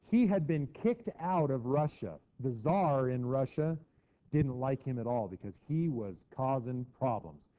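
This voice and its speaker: A middle-aged man teaching a history lesson to a class in a chatty way, acting out quotes with mock voices. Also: mid-range voice. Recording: dull lo-fi classroom recording.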